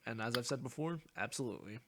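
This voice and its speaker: Young man with a gravelly voice. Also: medium pitch, lively intonation, fairly bright tone. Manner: joking, quick question-asking. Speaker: podcast host asking questions. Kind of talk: casual chat.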